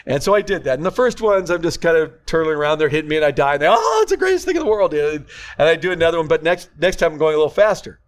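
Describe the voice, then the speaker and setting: An older man and grandfather, co-hosting a podcast and telling stories in a casual chat, animated and often laughing as he talks. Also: a little high, very fast. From California. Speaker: podcast co-host.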